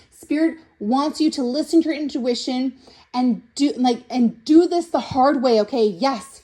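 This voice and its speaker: A woman's voice: high voice, warm tone. Blunt, teasing woman reading tarot. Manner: blunt, teasing, keeps checking in with "okay?". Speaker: tarot reader. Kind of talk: casual tarot reading to camera.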